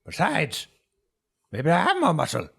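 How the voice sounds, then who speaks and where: A man's voice: a little high, lively intonation, normal speed, creaky, breathy edge, voice pushed up, heavily acted. A man doing a furious scrappy old man. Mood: defiant. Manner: snarling, shouting. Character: angry scrappy old man, short-tempered.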